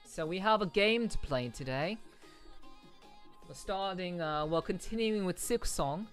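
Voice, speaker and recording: A man with a somewhat high voice rambles playfully to his live-stream chat, full of fillers and repeats. He keeps it loose and casual, like a streamer warming up before a game. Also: lively intonation, measured pace, faint music behind. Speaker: VTuber streamer.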